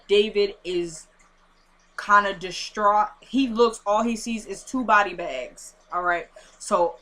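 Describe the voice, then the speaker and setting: A woman's voice: mid-range voice, slow, bright, forceful tone. A woman retelling a TV episode in a casual, chatty recap, acting out scenes through quoted dialogue and talking straight to her viewers. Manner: talks straight to viewers, addressing them as y'all.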